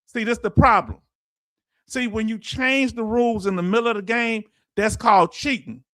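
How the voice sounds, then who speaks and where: A middle-aged man with a Houston accent, hosting a casual live stream, reading viewer comments aloud in a folksy, animated way and laughing often. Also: extremely high pitch, moderate pace, dry recording, studio quality. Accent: Houston, Texas.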